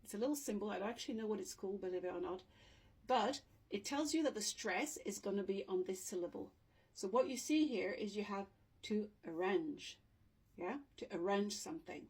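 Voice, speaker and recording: A woman's voice: medium pitch, brisk, a little mellow, breathy edge. A woman teaching dictionary pronunciation in a casual video lesson, explaining patiently and checking in with "okay?" as she goes, recorded without a microphone. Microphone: no microphone, voice drifts from the camera. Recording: room sound, voice sometimes far from the mic.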